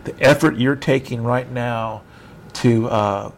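A man's voice: medium pitch, takes it slowly, slight background noise. A middle-aged man giving an informal teaching sermon over a video call, conversational and rambling with self-mocking humor. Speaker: preacher.

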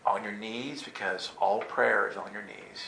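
A man telling a funny personal story in an animated way, jumping into high squeaky voices to act out his younger self. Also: unhurried, vocal fry, noisy background. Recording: roomy echo, faint ambience.

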